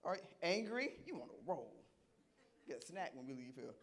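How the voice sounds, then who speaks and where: Man, middle-aged, Bible study teacher, interactive sermon, fairly high voice, playful, questions the audience. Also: moderate pace. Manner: conversational, asks the audience questions and repeats their answers; animated and playful, laughs often.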